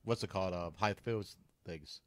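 A man with a fairly low voice trades jokes and quick interjections in a casual podcast chat. He speaks in short bursts and often talks over the others. The recording is dry and close. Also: dry recording.

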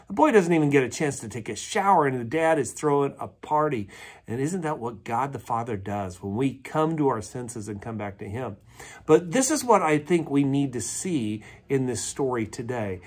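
A male pastor from preaching a sermon, retelling a parable with animated character voices, then dropping to hushed tones for tender lines. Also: fairly high pitch, husky.

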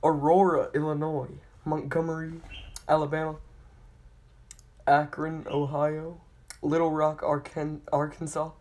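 Slow, careful reader with a flat voice. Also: medium pitch. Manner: slow and careful, stumbling and retrying hard names; apologetic about pronunciation. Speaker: channel host. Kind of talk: reading out a list of place names.

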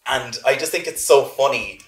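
A man's voice: mid-range voice, normal speed, a bit bright, soft background music. A young man with an Irish accent, joking wryly in a casual group discussion. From Ireland. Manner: wry, joking, playful. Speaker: panel guest. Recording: roomy echo.

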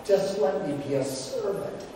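A pastor voicing a humbled prodigal son who vows, earnestly and solemnly, to return. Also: male voice, high-pitched, lively intonation, measured pace, dark tone, a little hiss or hum, voice pushed up. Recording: echoey hall from far off.

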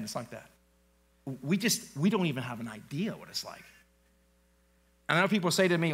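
A man with a high, bright voice preaching to his congregation in a church. He talks in a loose, conversational way, mixes in jokes and keeps checking that the crowd is following him. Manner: conversational, joking, quizzes the congregation. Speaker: pastor. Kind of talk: sermon. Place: church sanctuary, live service.

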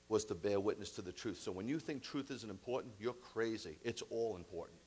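A man's voice: lowish voice, brisk, few pauses, darkish tone, breathy edge. A man preaching a sermon as rabbi, emphatic and conversational with blunt asides.

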